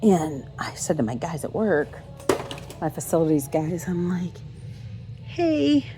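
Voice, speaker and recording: A woman's voice: low voice, normal speed, over music. A woman vlogging as she browses a thrift store, telling a rambling story with many ums and restarts, filming on a handheld phone.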